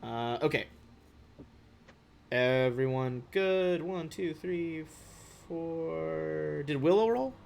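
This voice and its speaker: A young man running a tabletop game as game master, chatty and relaxed, swearing casually. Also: fairly high pitch, drawn-out words, gravelly, long pauses.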